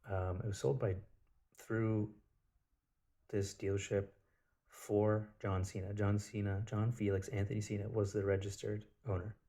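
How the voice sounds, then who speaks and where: Guy with a deep flat dark voice, swearing casually while he rambles through a story. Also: measured pace. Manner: blunt, profane storytelling with many "like" fillers. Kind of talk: casual spiritual monologue.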